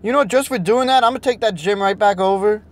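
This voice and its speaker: A young man talking to himself while he plays a phone game, frustrated and swearing, a little hoarse from losing his voice. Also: high-pitched, fast talker. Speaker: vlogger playing a mobile game. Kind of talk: casual vlog commentary.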